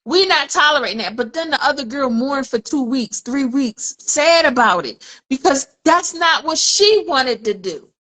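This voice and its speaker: A woman's voice: high-pitched, animated, measured pace, a bit bright, poor audio. A woman in her forties talking candidly in a casual podcast conversation. She tells personal stories and acts out the voices in her head. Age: 40s. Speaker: podcast co-host.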